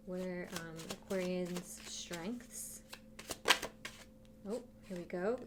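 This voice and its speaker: A woman's voice: on the low side, fairly even intonation, takes it slowly, long pauses, heavy background noise. A woman giving a casual tarot reading who talks straight to her viewers and thinks aloud as she turns the cards. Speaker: tarot reader.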